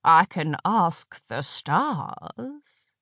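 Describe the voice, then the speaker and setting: Ancient witch, old woman, sly, rasping wheeze, very slow and knowing; a woman narrator puts her on. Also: fairly low pitch, big pitch swings, fairly bright tone, dry recording, clean studio sound, full character voice. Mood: sly, croaking. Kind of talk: audiobook character voice.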